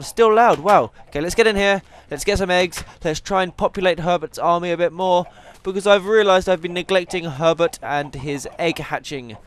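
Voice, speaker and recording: A man's voice: sits high, a little fast, hardly any pauses, slight background noise. A tired young man, chatting casually as he plays a game and teases the animals on screen. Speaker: gaming YouTuber. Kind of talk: casual let's-play commentary.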